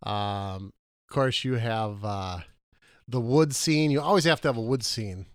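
Animated man hosting a movie podcast. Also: measured pace, clean tone, no echo, clean studio sound. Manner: animated, questioning, jumps in pitch when arguing. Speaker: podcast co-host. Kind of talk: casual movie podcast chat.

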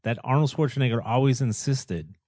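A man co-hosts a casual movie review chat. He speaks conversationally and laughs easily between thoughts. His voice is mid-pitched and recorded close and dry. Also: animated, brisk, a little mellow, no echo. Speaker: podcast co-host.

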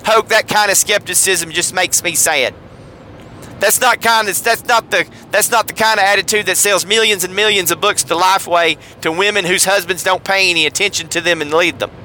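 A man's voice: high voice, brisk, sharp tone, a little hiss or hum, low-quality recording. A man putting on a prim, preachy Southern Bible teacher woman with a Texas accent. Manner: prim, sanctimonious.

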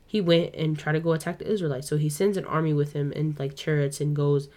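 Chatty young woman podcast host. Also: low-pitched. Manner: chatty and animated, quick asides and laughs. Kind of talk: casual Bible teaching podcast.

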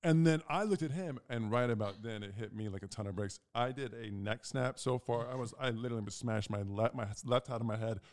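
A young man co-hosting a casual chat, telling a long story and acting out the quotes with big jumps in pitch. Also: a little fast, hardly any pauses. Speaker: podcast co-host.

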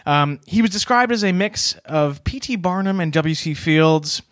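A man with a somewhat high voice hosts a casual podcast, walking his co-hosts through a story from his notes. He keeps things loose and chatty, laughing between points. The sound is dry and close. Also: expressive, normal speed, a bit bright, no echo. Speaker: podcast co-host presenting research.

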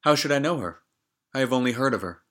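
A man voicing a gentle, secretive young maiden. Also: medium pitch, expressive, quick pace, natural voice. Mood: wistful. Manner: soft archaic rhyming lines.

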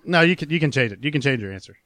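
A man's voice: medium pitch, expressive, very fast, crowd noise. A man hosting a casual group chat, asking the others questions and musing along. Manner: inquisitive, prompts the others with questions. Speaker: podcast host.

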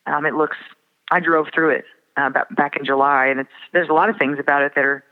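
A man from the Fargo area, a songwriter guest, talking reflectively with many pauses and fillers. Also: fairly high pitch, steady tone. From Fargo area, Minnesota. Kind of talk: casual interview. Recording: tinny phone line with long reverb.

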